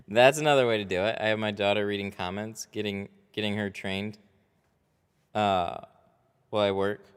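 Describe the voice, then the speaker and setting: A man talks casually to his stream while tinting cars, rambling and laughing often. His voice is low and smooth. The workshop around him gives a long, echoey ring. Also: fairly even intonation, normal speed, long pauses. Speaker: window tint shop owner livestreaming. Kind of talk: casual livestream chat while working. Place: car tint workshop.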